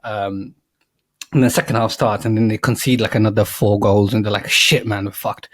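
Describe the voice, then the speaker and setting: A man's voice: fairly low pitch, fairly even intonation, a little fast, darkish tone. A young man on a casual podcast, telling a long story in a rambling way and acting out the characters' lines. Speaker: podcast co-host pitching a film idea.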